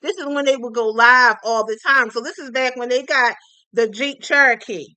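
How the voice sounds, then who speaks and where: Brief: high-pitched woman gossip streamer, sassy and chatty, dry close-mic sound. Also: normal speed, bright, forceful tone, clean tone, no echo. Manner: chatty, sassy, calls viewers honey and y'all. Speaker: gossip channel host. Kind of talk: casual gossip commentary on a livestream.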